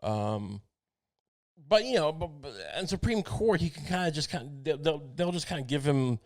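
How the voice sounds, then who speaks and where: A man's voice: on the high side, lively intonation. A man hosting a comedy podcast, riffing through a rambling, profane monologue full of restarts and asides. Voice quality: profane, halting delivery with many restarts. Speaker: podcast host. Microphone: podcast microphone.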